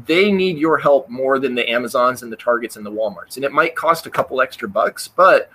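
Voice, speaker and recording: A man's voice: mid-range voice, animated, brisk, fairly bright tone. A man, a game designer, talking as a guest in a casual interview in an earnest, thoughtful way with many ums.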